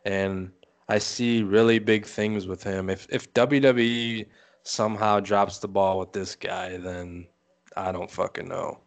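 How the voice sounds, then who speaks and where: A man with a somewhat low voice co-hosts a casual chat podcast. He talks in a relaxed, hesitant way, often pausing on "um" before he gets to his point. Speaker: podcast co-host.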